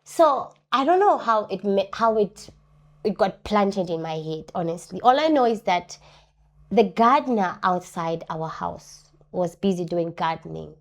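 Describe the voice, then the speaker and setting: A woman giving personal testimony as an interview guest. She talks earnestly, repeats key phrases for emphasis and acts out other people's words in lively voices. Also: medium pitch, unhurried.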